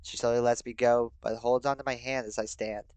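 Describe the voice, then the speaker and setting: Young man reading a game aloud with loud outbursts. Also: mid-range voice, fairly quick, clean tone, poor audio. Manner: excitable, swears loudly in sudden outbursts; reads narration in a steady, subdued voice. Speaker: streamer. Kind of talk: reading a game story aloud with live reactions.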